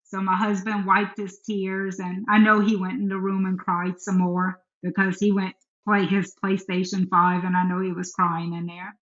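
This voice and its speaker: A woman's voice: mid-range voice, little pitch movement, normal speed, few pauses, fairly bright tone. A middle-aged woman, a podcast guest, telling a personal story earnestly and frankly about her faith. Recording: echoey room, dull sound.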